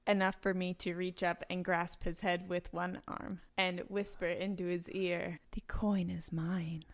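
A woman's voice: on the low side, level tone, unhurried. A woman playing a tabletop role-playing game who speaks bluntly and answers back in character. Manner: blunt, sassy in-character banter. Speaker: player.

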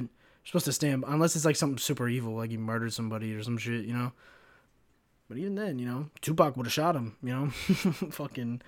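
A man in his twenties hosting his own podcast alone, rambling loosely, swearing often and laughing at his own jokes. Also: mid-range voice. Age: 20s. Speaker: podcast host. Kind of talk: casual solo podcast rant.

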